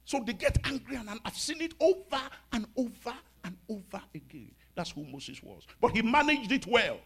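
Husky, animated preacher. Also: male voice, high-pitched, brisk, hardly any pauses. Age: 50s. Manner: animated preaching with sudden shouts and soft asides, laughs often. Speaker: pastor. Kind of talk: sermon.

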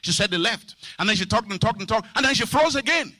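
A middle-aged male pastor preaching a sermon, animated, shouting and half-singing some phrases and dropping to quiet low asides. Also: quick pace, no echo, clean studio sound.

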